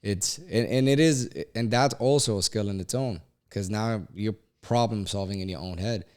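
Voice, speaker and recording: A man's voice: lowish voice, normal speed, a little mellow, clean tone. A man co-hosting a podcast in casual chat, talking in a reflective, thoughtful way. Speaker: podcast co-host.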